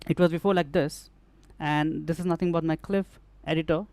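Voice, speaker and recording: Male instructor, hands-on studio tutorial; smooth, dry close sound, talks while clicking through steps. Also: a little high, fairly even intonation, normal speed, darkish tone, no room sound. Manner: explanatory, repeats and restarts phrases while demonstrating. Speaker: music production instructor.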